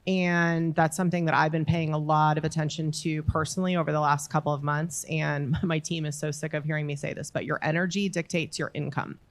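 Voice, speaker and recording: Low-voiced earnest woman panelist. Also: flat delivery, fairly quick, few pauses. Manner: earnest, emphatic, motivational. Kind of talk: panel discussion advice. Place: conference room with audience.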